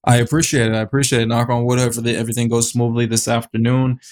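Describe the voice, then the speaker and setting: A man's voice: mid-range voice, little pitch movement, rapid-fire, a little mellow. Man from Boston chatting as guest. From Boston area. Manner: hesitant, many fillers and restarts. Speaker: podcast guest, real estate investor. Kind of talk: casual interview conversation.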